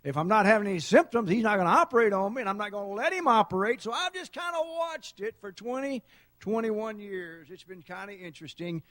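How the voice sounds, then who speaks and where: A middle-aged man preaching a sermon, telling folksy stories and building to loud shouts. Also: high voice, no echo. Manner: folksy storytelling, dramatic swings to loud shouting. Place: church sanctuary.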